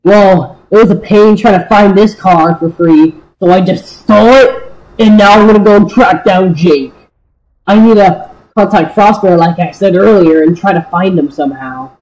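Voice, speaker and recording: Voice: medium pitch, normal speed, a little mellow, lightly acted, rough recording. A young performer voicing a scheming, taunting cartoon villain in a rambling, gleeful way. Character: scheming villain who calls itself the Gazing Eye.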